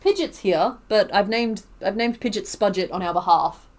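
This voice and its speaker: A woman's voice: mid-range voice, normal speed. Chatty Australian woman crocheting on stream. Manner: chatty, laughs often, counts stitches under her breath. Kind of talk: casual chat while crocheting.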